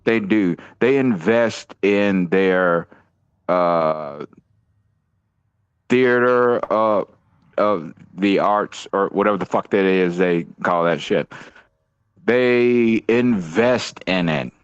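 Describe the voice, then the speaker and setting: A man's voice: sits low, slow, smooth, dry recording, muffled recording. A man from the United States ranting in a casual, profane podcast chat, incredulous and heated. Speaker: podcast host.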